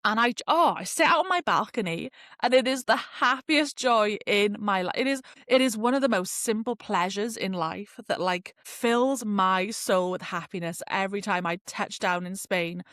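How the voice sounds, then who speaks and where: A woman's voice: mid-range voice, moderate pace, a bit bright, no room sound. Woman, young, solo podcast host; rambling, filler-heavy chat, dry close sound. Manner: chatty and rambling, full of "like" fillers.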